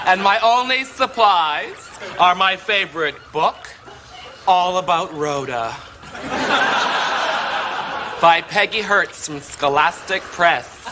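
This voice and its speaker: Casting: a vain, flamboyant host, drawn-out arch delivery, slightly high. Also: male voice, very noisy. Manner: slow, arch, campy delivery with bursts of laughter. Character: flamboyant, catty man, cheerfully vain.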